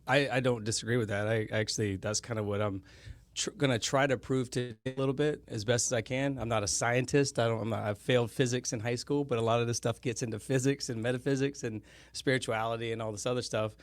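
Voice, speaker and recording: A man's voice: mid-range voice, fairly even intonation, fast talker, no room sound. A man speaking as a podcast guest in a casual chat, rambling and often stopping to correct himself. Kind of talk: casual conversation.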